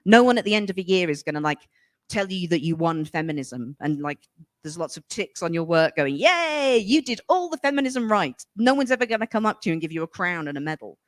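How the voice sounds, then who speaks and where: A woman's voice: sits low, fast, no echo. A woman from England in her forties, an author talking frankly in a casual conversation, acting out the voices of people she quotes. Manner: animated, acts out voices when quoting people; frank and emphatic, swears casually. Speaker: author and guest.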